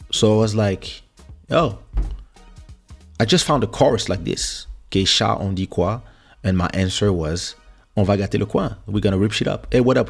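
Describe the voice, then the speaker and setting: Husky and lowish with vocal fry, this French podcast host's voice carries a casual story from his music career. He reminisces as he goes, frequently restarting and repeating words.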